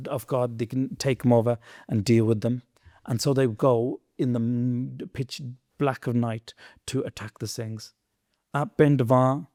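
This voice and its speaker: A man telling a historical story in a podcast conversation, earnest and preachy, swinging between loud emphasis and quiet asides. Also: mid-range voice, no room sound, clean studio sound.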